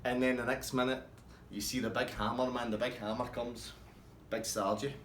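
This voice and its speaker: A man telling a rambling, swearing pub anecdote in a casual, animated way. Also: mid-range voice, normal speed, a little hiss or hum. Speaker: storyteller. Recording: roomy with faint ambience.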